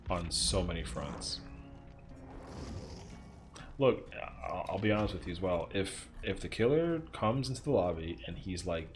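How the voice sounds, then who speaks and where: Low-voiced young man streaming a game. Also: slight background noise. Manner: frustrated, swearing, talking to chat. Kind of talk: casual gaming livestream commentary.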